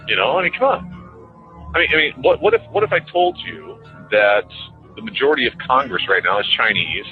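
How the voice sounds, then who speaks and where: A man's voice: medium pitch, big pitch swings, a little fast. A man delivering an emphatic, profane, repetitive radio monologue, played back as a clip. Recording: tinny phone-like radio clip with faint music.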